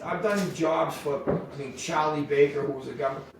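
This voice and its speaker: A middle-aged man, telling rambling, profane stories as a podcast guest, animated when he quotes people. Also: a little high, a little fast, noisy background. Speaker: podcast guest, wildlife removal business owner. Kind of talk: casual storytelling. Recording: echoey room, mic at a distance.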